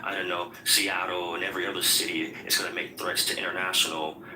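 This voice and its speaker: A man's voice: deep voice, level tone, fast, reverberant, noisy background. A man hosting a heated political debate, insistent and repeating himself as he tries to hold the floor. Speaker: room host.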